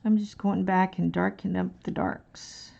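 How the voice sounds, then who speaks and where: A woman's voice: lowish voice, level tone, normal speed, gravelly, warm tone, highs cut off. A woman chatting casually on an art live stream, rambling and thinking aloud as she colors. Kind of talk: casual chat while coloring.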